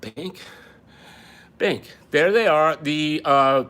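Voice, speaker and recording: A man hosting a casual live-stream show, talking in an excitable, rambling, joking way. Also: a little high, extremely slow. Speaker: host.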